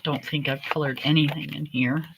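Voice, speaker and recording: A woman hosting a livestream from home, chatting in a meandering, relaxed way. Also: low voice, normal speed, slight background noise, rough recording. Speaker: livestream host. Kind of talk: casual chat.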